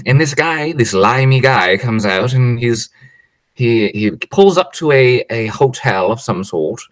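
In a dry recording, this man speaks in a mid-range voice at a slightly slow pace. He co-hosts a podcast, chatting casually through a movie recap, performing the characters' quotes and laughing frequently as he tells it with animation.

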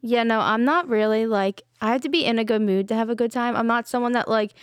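Young woman podcast host, brisk and blunt, slightly high voice. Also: smooth, dry recording, clean studio sound. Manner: blunt, swears freely. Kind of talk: casual chat.

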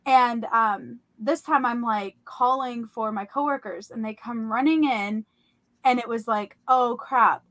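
Bright, animated young woman telling a story. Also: a little high, a little slow, dry recording. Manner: animated, filler-heavy retelling of a dream. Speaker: podcast host. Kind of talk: casual storytelling.

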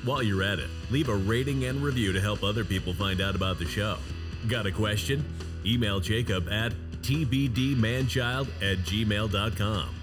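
A man reading a podcast's scripted outro in a smooth, promotional voice that sits fairly low. Guitar music plays clearly behind him. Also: moderate pace. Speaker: show announcer.

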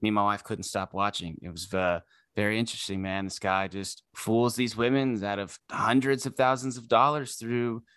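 A man co-hosting a podcast in casual chat, animated and casually swearing. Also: lowish voice, normal speed, smooth, no echo. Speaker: podcast co-host.

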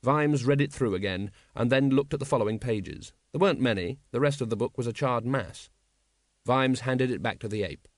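A man reading an audiobook, a measured, wry scripted narration. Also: mid-range voice, no echo, studio quality.

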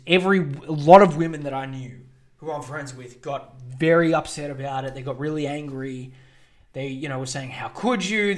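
A young man hosting a solo podcast, ranting sarcastically and swearing freely. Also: fairly high pitch. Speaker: podcast host.

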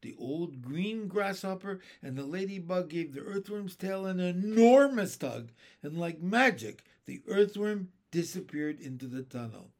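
A man reads a children's storybook aloud at an unhurried pace. His voice sits a little high and rises and falls with the action of the tale. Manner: expressive, unhurried reading. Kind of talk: reading a children's book aloud.

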